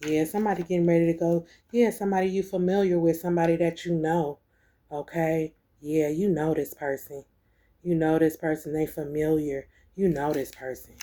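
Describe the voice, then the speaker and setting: A woman's voice: deep voice, dark tone. A woman giving a spiritual tarot reading to viewers, emphatic and profane, repeating herself and calling listeners baby and collective. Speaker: tarot reader.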